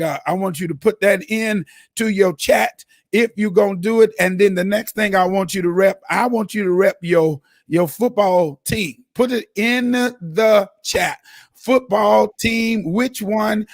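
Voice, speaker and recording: A man hosting a casual sports talk show, excitable and chatty with lots of fillers, in a preacher-like manner. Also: high-pitched, vocal fry, no echo, clean studio sound. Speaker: host.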